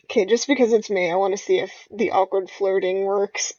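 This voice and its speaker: A woman's voice: mid-range voice, fairly even intonation, brisk, a little mellow, no room sound. A young woman playing a dating game aloud, reading the narration and joking playfully with frequent laughs. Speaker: gamer. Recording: dull lo-fi home recording.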